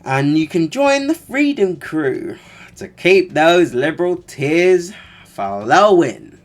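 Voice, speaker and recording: A man reading ad copy in an exaggerated, drawn-out fake American accent, mocking it. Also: on the high side, big pitch swings, pitched above the performer's own voice.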